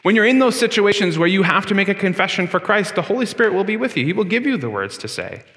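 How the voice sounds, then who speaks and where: A man preaching in a church sanctuary, talking to the congregation in a casual, conversational way. His voice is bright and sits a little high, and it rises and falls a lot as he presses his points. The sound carries a long, echoing church reverb. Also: big pitch swings, fast talker. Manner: conversational preaching, with frequent fillers and emphatic swings. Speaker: pastor. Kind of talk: sermon.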